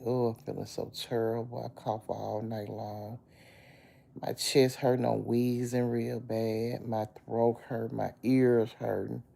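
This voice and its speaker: Sick lady in bed on a phone live stream, super gravelly dark voice, calls everybody baby and y'all. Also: very deep voice. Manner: greets viewers by name, calls them baby and y'all. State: sick with a chest cold and cough. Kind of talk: casual live-stream chat. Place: lying in bed at home.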